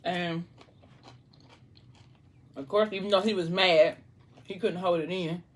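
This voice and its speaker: A young woman chats on camera at her table, retelling a story while she eats. She is animated and chatty and turns to her viewers with asides. Her voice sits a little low. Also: slow pace. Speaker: vlogger. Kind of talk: casual storytelling while eating.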